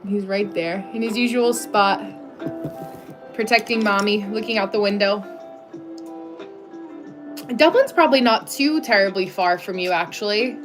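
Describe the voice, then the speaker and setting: A middle-aged American woman hosting a casual livestream, chatting and reading viewers' names aloud in a friendly way, with soft music behind her. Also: mid-range voice. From United States. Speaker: livestream host.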